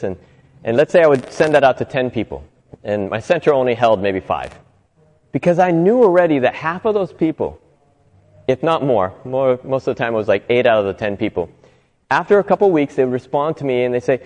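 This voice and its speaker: A man's voice: mid-range voice, sing-song, brisk, darkish tone. A man hosting a reflective motivational talk, telling stories in an earnest way and briefly acting out the people he quotes. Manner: earnest, acts out quoted voices, laughs often. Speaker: host giving a motivational talk. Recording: long reverb.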